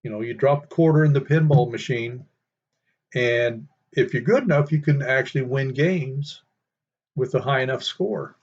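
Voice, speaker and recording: A man's voice: medium pitch, moderate pace, husky. An older man reminiscing in a casual, rambling way, full of fillers. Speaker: storyteller. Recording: dull lo-fi sound.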